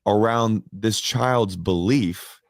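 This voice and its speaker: A man's voice: on the low side, slow, no room sound, clean studio sound. A man in a played clip giving opinion commentary in an earnest, lecturing way.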